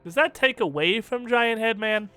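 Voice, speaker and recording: A man's voice: sits high, moderate pace, clear, resonant tone, dry recording, soft background music. A young man streaming a game, joking and swearing casually as he talks through his choices. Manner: joking, profane, animated. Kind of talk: casual gameplay commentary.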